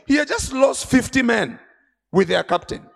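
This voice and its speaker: Dramatic high-voiced preaching man. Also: expressive, normal speed, vocal fry. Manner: dramatic, swings between quiet and shouting. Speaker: bishop preaching. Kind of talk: sermon. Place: large conference hall.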